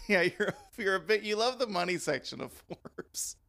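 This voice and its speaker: A man's voice: high-pitched, expressive, normal speed, creaky, bright, forceful tone. A man hosting a podcast in loose banter who rambles and laughs often. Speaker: podcast host.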